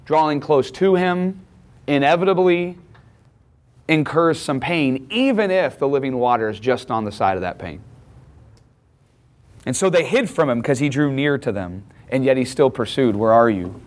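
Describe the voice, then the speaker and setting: A man's voice: mid-range voice, expressive, normal speed. Conversational man preaching a sermon. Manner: conversational, emphatic preaching with acted quotes. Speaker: pastor.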